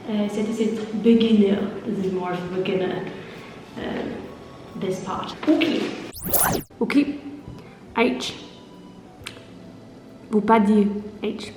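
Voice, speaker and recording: A woman vlogger teaching French pronunciation, talking haltingly with many restarts and switching between French and English. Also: medium pitch, warm tone. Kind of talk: casual tutorial vlog. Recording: echoey room, voice heard from a distance, faint room noise.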